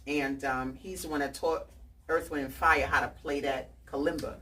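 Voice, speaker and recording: A woman's voice: deep voice, normal speed. New York woman talking to a crowd. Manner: animated, chatty, slangy storytelling. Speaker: author speaking at a bookstore event. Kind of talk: casual talk to a live audience. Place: bookstore. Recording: distant mic with faint background noise.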